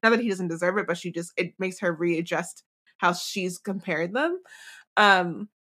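A woman's voice: fairly low pitch, moderate pace, bright, forceful tone, breathy edge. Rambling woman podcast co-host. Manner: rambling, many fillers and restarts. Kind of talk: casual book discussion.

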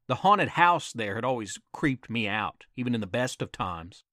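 A man's voice: medium pitch, sing-song, normal speed, pushed and bright, no room sound, studio quality. A man telling a campfire story as a podcast storyteller, dramatic and teasing, with asides to his listeners.

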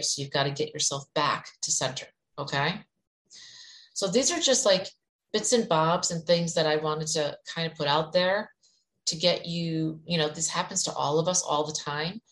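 A woman's voice: sits low, fairly bright tone, poor audio. A woman giving casual spiritual advice to viewers, chatty and rambling, often checking in with "right?".

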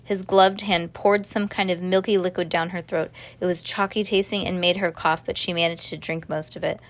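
A woman reading a children's novel aloud in a steady, plain voice with small slips. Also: fairly low pitch, normal speed. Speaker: storybook reader.

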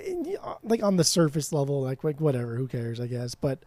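A man's voice: mid-range voice, big pitch swings, fairly quick, a little mellow, no room sound. A man co-hosting a podcast, chatting casually about an album, brash and teasing, swearing freely. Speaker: podcast co-host. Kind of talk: casual music review chat.

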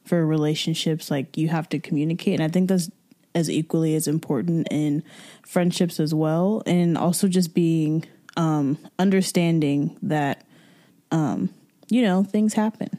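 A woman with a low voice co-hosts a casual podcast chat. She tells stories in a chatty way, with lots of fillers. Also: steady tone, measured pace, warm tone. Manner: storytelling, chatty, many fillers. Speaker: podcast co-host.

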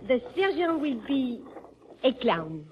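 French circus star, gracious, bright and lively pitch, dull hissy old radio sound. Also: female voice, slow, full character voice. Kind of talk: 1940s radio drama acting. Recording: dull old radio recording with faint hiss.

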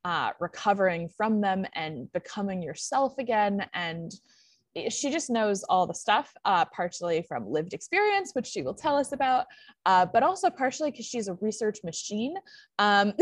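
Woman podcast host, animated, blunt, dry sound from off-mic. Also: mid-range voice, no room sound, far from the mic. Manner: blunt, swears, lively. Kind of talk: casual interview.

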